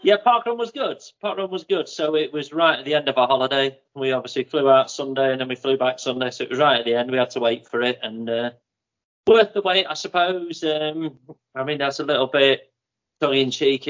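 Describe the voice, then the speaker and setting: A man's voice: mid-range voice, brisk, fairly bright tone, muffled recording. A man co-hosting a running podcast, telling a rambling, playful anecdote. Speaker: podcast co-host. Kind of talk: casual chat.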